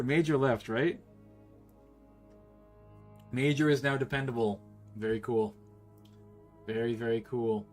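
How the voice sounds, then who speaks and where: A young man talks through his gameplay in a loose, casual way, reading story text aloud and reacting with sudden bursts of excitement. His voice sits in a middle pitch, and faint game music plays quietly underneath. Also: slow pace, pauses often. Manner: excitable, swears, reacts loudly. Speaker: gameplay commentator.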